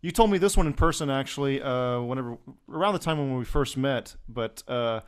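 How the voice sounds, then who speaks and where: A man's voice: medium pitch, brisk, clean tone, no room sound. Male podcast host, mid-range voice, laid-back interviewer. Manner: brief listening replies, relaxed questions. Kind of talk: casual interview.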